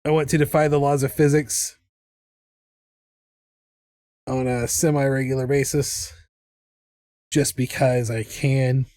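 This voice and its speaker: A man's voice: medium pitch, flat delivery, moderate pace, darkish tone, no echo, clean studio sound. A man chatting casually on a live art stream, rambling and restarting his sentences. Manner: rambling, with many restarts and laughs.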